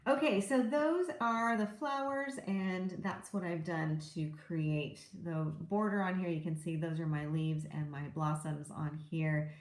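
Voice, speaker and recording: A woman's voice: on the low side, steady tone, measured pace, few pauses, reverberant. A middle-aged woman giving a chatty live craft tutorial, explaining each step while she works, with small hesitations. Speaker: craft demonstrator.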